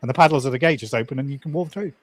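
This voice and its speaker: Dry-sounding man explaining in a calm voice. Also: medium pitch, rapid-fire, dry recording. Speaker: panel guest, railway station staff. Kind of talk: casual chat. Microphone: video call panel.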